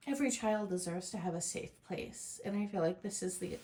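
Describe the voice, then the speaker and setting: Tearful woman vlogging softly. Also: mid-range voice, steady tone, normal speed, hardly any pauses, a little hiss or hum. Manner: soft, heartfelt, rambling with many fillers. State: tearful, close to crying. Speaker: crafting YouTuber. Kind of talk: casual personal vlog.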